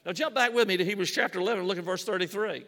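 A man's voice: high voice, very fast, bright, forceful tone. A man preaching a sermon in a church. He acts out scripture scenes in quoted voices and repeats words to build emphasis. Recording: long hall reverb.

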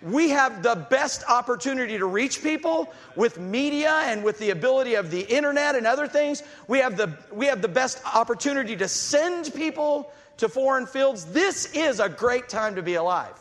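High-pitched preacher man in an echoey church. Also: animated, moderate pace, few pauses, a bit bright. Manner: impassioned preaching, reads scripture aloud, acts out quoted voices. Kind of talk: sermon.

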